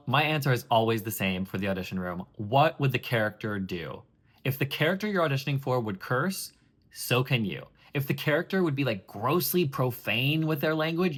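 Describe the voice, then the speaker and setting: A man working as a Broadway audition coach, giving chatty, expressive coaching tips straight to camera with playful emphasis. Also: mid-range voice.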